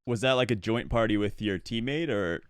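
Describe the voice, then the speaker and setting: A man's voice: lowish voice, a little fast, smooth, no room sound, studio quality. A man hosting a podcast, asking rambling questions and laughing along with his guest. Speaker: podcast host. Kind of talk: casual interview questions.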